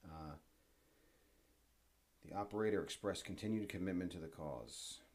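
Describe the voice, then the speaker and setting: Male solo podcaster, very low voice, loose chatty monologue. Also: moderate pace, a little mellow. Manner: rambling, chatty, talks to unseen listeners. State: tired after a long workday. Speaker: podcast host.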